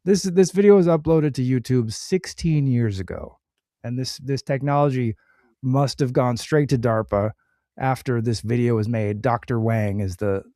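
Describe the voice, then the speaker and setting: A man chats casually, stumbling and restarting his sentences as he goes. His tone is mellow and warm. The recording is dry and close. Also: mid-range voice, no echo. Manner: halting, full of restarts. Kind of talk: casual chat.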